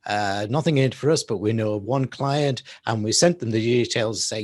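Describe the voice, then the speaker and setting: A man's voice: medium pitch, fairly quick, hardly any pauses, dry recording, clean studio sound. A man hosting an interview show, asking questions with friendly, chuckling asides. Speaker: show host. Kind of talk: interview conversation.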